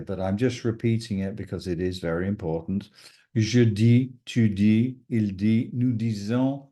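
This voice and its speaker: A man's voice: fairly low pitch, mellow. A man teaching a French lesson, patiently explaining verbs and repeating each conjugation. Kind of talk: recorded language lesson.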